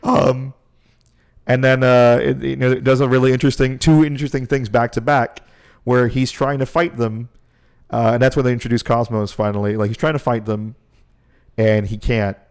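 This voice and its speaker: A man's voice: medium pitch, little pitch movement, moderate pace, clean tone. A man co-hosting a podcast, rambling through a profane recap of a game and laughing often. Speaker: podcast co-host. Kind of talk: casual chat recapping a game.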